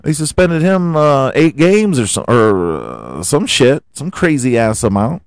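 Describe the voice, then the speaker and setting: A podcast host with a slightly high, expressive voice rants about his football team in a heated, profane way, firing off rhetorical questions at a slightly slow pace. The recording is dry, with no room sound.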